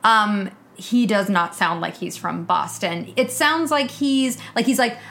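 A woman's voice: medium pitch, measured pace, gravelly, a bit bright. A chatty woman from the South Shore of Massachusetts, co-hosting a podcast. She talks casually and recaps the plot for her friends. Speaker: podcast co-host. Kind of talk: casual chat.

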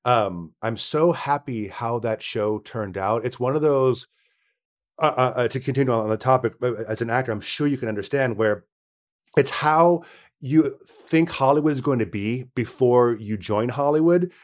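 A man's voice: mid-range voice, normal speed. A man, an actor being interviewed, telling stories from set and acting out what others said to him. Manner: storytelling, acting out others' quoted lines. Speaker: actor guest. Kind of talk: casual interview conversation.

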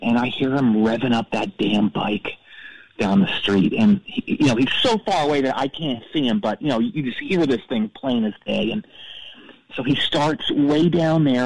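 A man's voice: mid-range voice, no room sound, low-quality recording. A man playing a self-absorbed radio DJ who calls in to a comedy show, telling a long rambling story full of stammered restarts. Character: vain male radio DJ, cold and self-absorbed. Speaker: caller. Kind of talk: comedic call-in character bit.

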